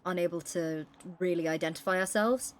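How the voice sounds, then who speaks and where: A woman with a slightly low voice, talking in character as a police officer in a roleplay. She speaks frankly and swears now and then, in relaxed conversation. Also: brisk, slight background noise. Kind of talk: casual in-character roleplay chat.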